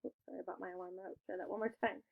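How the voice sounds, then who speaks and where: A young woman teaching an online spelling lesson to second graders, upbeat and encouraging, giving clear step-by-step instructions. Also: mid-range voice, fairly even intonation, rapid-fire, narrow, tinny audio, soft background music.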